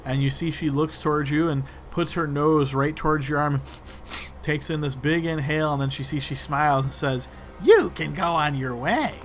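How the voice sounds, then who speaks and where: A man running a tabletop game as game master, narrating in a relaxed way with fillers. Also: on the high side, moderate pace, faint music behind. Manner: relaxed, describing actions with fillers.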